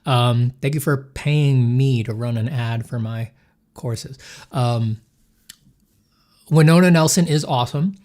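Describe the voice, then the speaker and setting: A man's voice: mid-range voice, takes it slowly, pauses often, a little mellow. A man chatting casually on a livestream while he draws, joking and rambling as he thanks supporters and answers questions from chat. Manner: joking, rambling, self-deprecating. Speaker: artist streaming while drawing.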